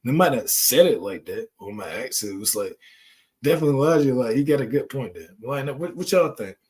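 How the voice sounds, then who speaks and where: A man's voice: medium pitch, expressive, brisk, a little mellow. A man hosting his channel, delivering an impassioned, preachy monologue full of profanity and emphatic outbursts. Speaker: channel host.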